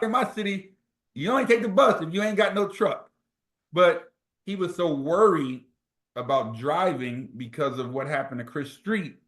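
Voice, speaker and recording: A man's voice: on the high side, moderate pace. A middle-aged man from New Jersey, a former college football player telling stories as an interview guest and acting out quoted dialogue. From New Jersey, USA. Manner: animated storyteller who acts out quoted dialogue. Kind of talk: storytelling in an interview. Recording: roomy echo.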